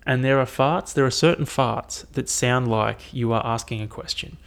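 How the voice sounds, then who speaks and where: A young man talking alone on his podcast in a loose, rambling way, full of swearing and fillers. His voice has a gravelly, creaky texture at a middling pitch. He sounds casual and unscripted throughout. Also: normal speed, fairly bright tone. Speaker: podcast host. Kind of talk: casual solo podcast monologue.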